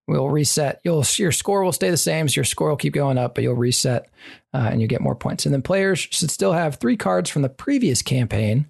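Brief: gravelly-voiced player who walks through game rules step by step, um-ing along the way. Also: medium pitch, a little mellow. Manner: explains step by step with frequent fillers. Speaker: rules explainer. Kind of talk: casual rules explanation.

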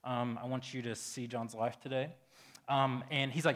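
A man's voice: medium pitch, steady tone, moderate pace, fairly bright tone. A man preaching a casual sermon as pastor, talking loosely and conversationally with lots of fillers.

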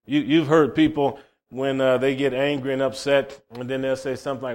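A man's voice: mid-range voice, fairly even intonation, fairly quick. A man preaching a sermon, fervent and emphatic, often repeating words as he starts a phrase. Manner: fervent, rising to loud emphatic peaks.

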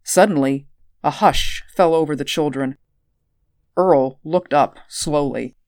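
A woman narrating an audiobook at a measured, steady pace. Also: sits low, dry recording, clean studio sound.

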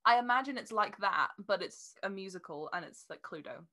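A young woman co-hosting a casual podcast, chatty and quick to laugh. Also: medium pitch, lively intonation, sharp tone. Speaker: podcast co-host.

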